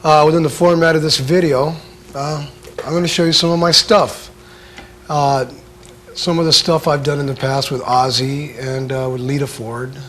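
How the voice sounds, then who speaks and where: A man giving a casual drum lesson, talking in a laid-back, halting way full of filler sounds. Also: fairly high pitch, fairly even intonation, a bit bright, a little hiss or hum. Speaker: drum instructor. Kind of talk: casual instructional talk.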